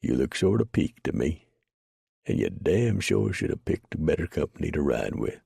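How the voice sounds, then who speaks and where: A rough old mountain man talks in an easy folksy drawl with dry humor, as a male narrator puts him on. His voice is deep and gravelly with a husky edge. The sound is dry and close. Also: very animated, moderate pace, dark tone, dry recording, heavily acted. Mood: wry folksy.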